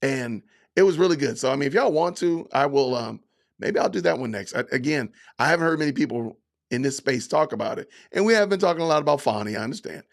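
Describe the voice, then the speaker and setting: A man hosting a livestream podcast, talking casually to his chat, often slipping into mock-offended sarcasm and drawn-out emphasis. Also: medium pitch, expressive, vocal fry. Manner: addresses chat commenters by name. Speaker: podcast host reading live chat.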